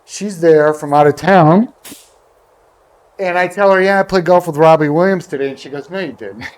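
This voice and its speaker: A guest golfer tells a long, rambling golf anecdote in casual chat, acting out the voices of the people he quotes. His voice is on the high side, and he speaks at normal speed.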